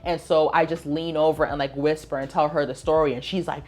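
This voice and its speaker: A young woman with a low-pitched voice talks casually to her camera at home. She tells her story in an animated way, acting out the lines of each person involved. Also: a little fast, hardly any pauses, faint music behind. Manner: animated, acts out dialogue of people in her story. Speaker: vlogger.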